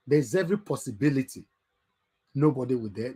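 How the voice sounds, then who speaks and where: A man with a Nigerian Pidgin English accent hosting an online call-in show, lecturing in a preachy way that rises to loud emphatic bursts. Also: mid-range voice, lively intonation, a little fast, husky. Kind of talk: impassioned live talk show.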